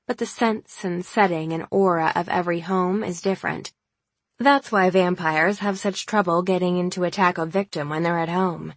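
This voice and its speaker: Wry, measured woman narrating a novel. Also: on the low side, no echo. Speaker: audiobook narrator. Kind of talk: first-person novel narration.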